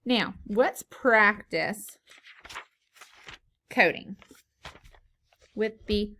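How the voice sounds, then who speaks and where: Woman teacher, phonics lesson for kids, encouraging, sounds out words slowly. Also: mid-range voice, pushed and bright. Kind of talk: phonics lesson for young children. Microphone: recorded lesson video.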